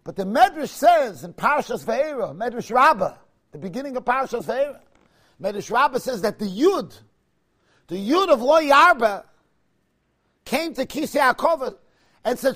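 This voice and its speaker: High-voiced man giving an impassioned Talmud lecture. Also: animated, normal speed, pauses often, pushed and bright. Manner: impassioned, rhetorical questions, bursts of emphasis; mixes English with Hebrew and Aramaic terms. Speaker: rabbi teaching Talmud.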